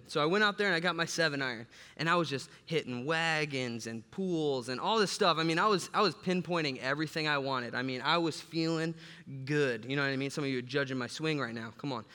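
A man from the south side of Chicago delivers a sermon as an animated, joking storyteller. His voice sits a little higher than most men's. It rings out with a long reverb in a big church sanctuary. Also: fairly quick, clear, resonant tone. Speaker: pastor. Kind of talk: sermon with humorous personal story. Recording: long reverb from a large hall.

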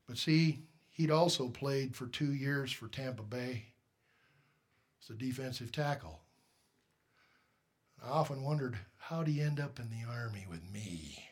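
A man's voice: medium pitch, breathy edge. A man preaching a sermon as pastor, emphatic and direct, firing rhetorical questions at the congregation.

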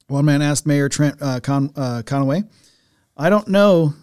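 A man's voice: on the high side, unhurried, a little mellow, clear, resonant tone, no echo, studio quality. A man hosting a podcast, telling a family story in a loose, rambling way with many restarts and laughs. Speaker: podcast host. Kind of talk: casual chat and news reading.

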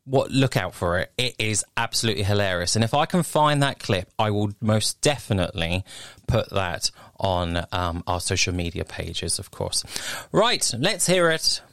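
A man's voice: sits low, moderate pace, a bit bright, dry recording. A man presenting a radio show from a studio, cheery and upbeat with chatty asides.

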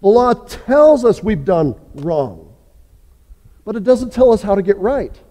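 A man delivers a sermon in a church sanctuary, his voice high yet mellow. He preaches earnestly, pressing hard on some points and sinking low and quiet on others. A long reverb trails behind every phrase. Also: big pitch swings, measured pace. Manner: earnest preaching, builds up then drops low and soft. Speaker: pastor.

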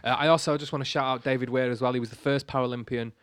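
A man's voice: mid-range voice, steady tone, very fast, clear, resonant tone, no room sound, clean studio sound. A man co-hosting a casual chat podcast, enthusiastic and sweary, calling his friend "mate". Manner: matey, sweary, enthusiastic storytelling. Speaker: podcast co-host.

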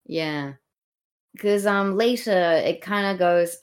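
A woman's voice: medium pitch, sing-song, moderate pace. A woman co-hosting a podcast, playful and joking, mimicking characters as she talks. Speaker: podcast co-host. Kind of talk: casual literary discussion.

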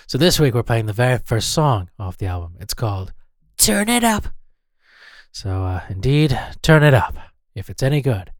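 Rambling Australian radio host. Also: male voice, on the low side, expressive, fairly quick, hardly any pauses, no room sound, clean studio sound. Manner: rambling, self-mocking, stumbles over names. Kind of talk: casual radio banter.

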